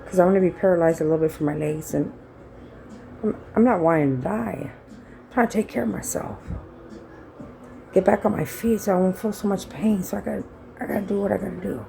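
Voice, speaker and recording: A woman's voice: on the low side, moderate pace, gravelly, long pauses, mellow, slight background noise, low-quality recording. A middle-aged woman, telling a rambling, blunt story in a casual vlog and acting out what people said. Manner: rambling, blunt and salty, reenacting dialogue. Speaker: vlogger.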